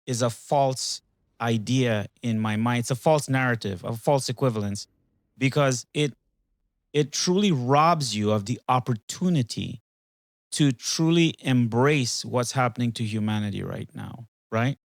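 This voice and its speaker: A man's voice: mid-range voice, measured pace, no echo. Rambling man with a dry, close voice. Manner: rambling, hesitant, many fillers and restarts. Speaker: podcast host. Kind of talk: casual talk with an AI.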